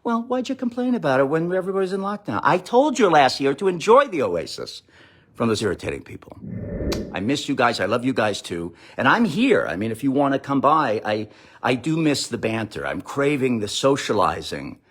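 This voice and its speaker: A man's voice: mid-range voice, big pitch swings, fairly quick, fairly bright tone. A middle-aged man delivering a sarcastic, rambling comic monologue on a live stream, reading out viewer comments and mocking quotes. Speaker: comedian streaming live to followers. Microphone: phone or webcam live stream.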